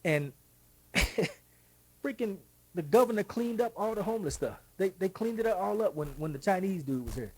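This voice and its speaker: A middle-aged man with a Texan accent, talking off the cuff as a show host. His voice is husky and sits a little high for a man. He talks in an animated, folksy way, with quick asides. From Texas. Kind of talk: casual monologue.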